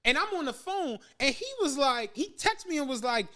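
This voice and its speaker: A man co-hosting a podcast, telling profane, animated stories in casual chat and acting out quotes. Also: very high-pitched, normal speed. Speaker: podcast co-host.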